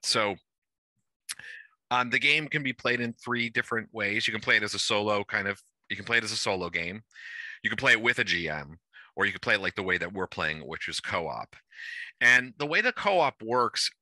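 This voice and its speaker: Man with a sharp, bright voice explaining rules. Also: on the low side, dry recording. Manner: rambling, thinks aloud with restarts. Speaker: game organizer. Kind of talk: casual explanation of game rules.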